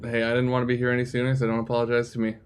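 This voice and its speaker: A man's voice: medium pitch, completely flat delivery, rapid-fire, clean tone, close to an everyday voice. Guy doing teen boy derry, beat up but acting chill, shrugs it all off. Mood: casual. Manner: laid-back, brushing things off. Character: teenage boy, hurt but acting fine.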